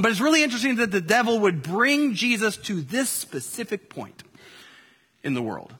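A man's voice: high voice, sharp tone, in a large hall. A man preaching a sermon in an easy conversational way, full of fillers and restarts. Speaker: pastor.

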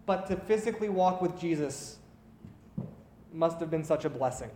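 A man's voice: on the high side, expressive, normal speed, warm tone, reverberant, in a large hall, slight background noise. A man preaching a sermon, retelling stories in an earnest, conversational way.

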